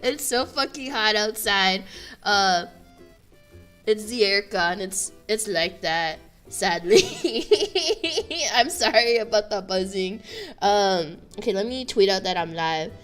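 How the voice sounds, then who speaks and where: A young woman from Canada chatting casually on a livestream, giggly and full of fillers, often bursting into high laughter, in a room with a buzzing air conditioner. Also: unhurried, fairly bright tone, soft background music. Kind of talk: casual stream chat.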